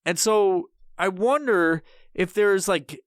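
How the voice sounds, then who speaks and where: A man's voice: high voice, takes it slowly, no echo, clean studio sound. A man hosting a podcast, ranting casually with lots of swearing and rambling restarts. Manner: profane, rambling, animated. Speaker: podcast host.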